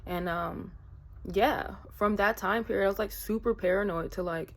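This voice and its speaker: Woman vlogger, mid-pitched, casual storyteller who rambles with fillers. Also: moderate pace. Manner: chatty, rambling, many fillers.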